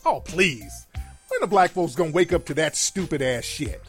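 A man's voice: a little high, lively intonation, normal speed, a bit bright, faint music behind. A man giving a heated, profane and mocking reaction commentary on video clips.

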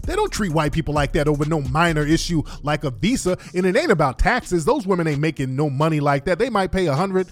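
A man giving blunt, animated commentary to his livestream audience, repeating himself often. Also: a little high, quick pace, few pauses.

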